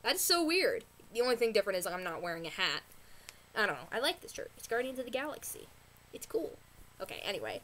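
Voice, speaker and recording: A woman vlogger ranting casually about a TV episode, excitable and rambling, gasping and exclaiming as she talks. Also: medium pitch, fast talker. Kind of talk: casual rant review.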